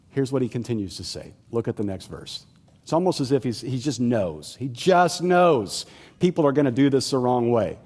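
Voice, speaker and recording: A man's voice: mid-range voice, dark tone. A man preaching a sermon in a conversational, humorous way, acting out the voices of the people he quotes. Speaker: pastor.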